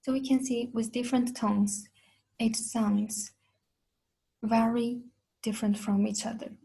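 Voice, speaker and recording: A woman's voice: fairly high pitch, level tone, a little slow, gravelly, dark tone, husky, low-quality recording. A woman with a Chinese accent teaching a beginner lesson, patiently repeating each sound twice. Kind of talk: slow, careful language lesson.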